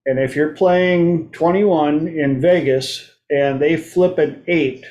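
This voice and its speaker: Slow, playful male talk-show host. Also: fairly high pitch, a little mellow. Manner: playful, acts out quoted voices. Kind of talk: solo talk show monologue. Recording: roomy echo.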